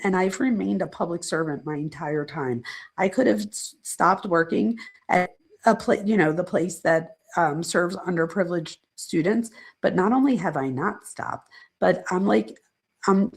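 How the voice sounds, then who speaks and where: A middle-aged woman with a gravelly, husky voice, talking casually to her live-stream chat. She rambles from point to point and reads viewer comments aloud. Her voice sits a little low. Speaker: psychologist hosting a live stream.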